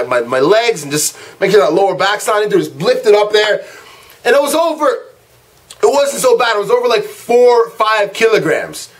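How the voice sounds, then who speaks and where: Brief: young man with a high voice, animated and exasperated, slangy vlog rant. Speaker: vlogger ranting. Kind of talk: casual rant to camera.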